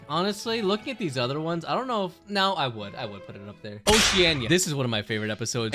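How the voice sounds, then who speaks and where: A young man giving casual, sarcastic commentary, swearing freely and laughing as he ranks things. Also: medium pitch. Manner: animated, profane, sarcastic, laughs often. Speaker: commentary video host.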